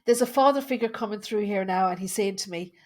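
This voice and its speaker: A woman's voice: medium pitch, quick pace, a little mellow. Lady doing a live reading, chatty and reassuring, lots of ums. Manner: chatty, reassuring, thinks aloud with many fillers. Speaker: medium giving live readings. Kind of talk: live-streamed reading with a caller.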